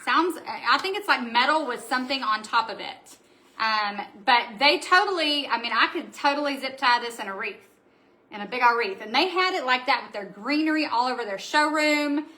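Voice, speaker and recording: A woman who owns a craft shop, hosting a live stream where she shows new supplies and chats excitedly with viewers. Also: high voice, normal speed, poor audio. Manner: bubbly, excitable, chatty with viewers. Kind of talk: live stream product showing.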